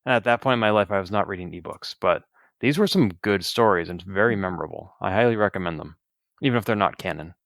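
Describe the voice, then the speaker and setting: A man's voice: low voice, animated, fast talker, creaky, fairly bright tone, no room sound. Chatty male podcast co-host, dry sound. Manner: chatty, rambling with restarts. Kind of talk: casual chat.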